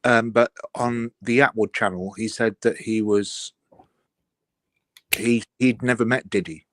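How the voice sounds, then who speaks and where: A man's voice: fairly low pitch, fairly even intonation, measured pace, fairly bright tone, no room sound. A man calling in to a live stream, polite and methodical as he lays out details point by point. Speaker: caller. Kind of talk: casual call-in chat.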